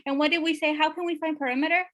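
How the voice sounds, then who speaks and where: A woman teaching a math lesson, asking her students questions and often pausing with fillers. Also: high-pitched, steady tone, fairly bright tone. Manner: checks in with questions, many fillers.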